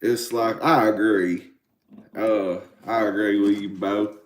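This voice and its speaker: A man's voice: lowish voice, steady tone, takes it slowly. A man in his forties with an Appalachian accent, rambling and swearing in casual live-stream chat with his viewers. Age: 40s. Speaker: livestream host. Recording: roomy echo.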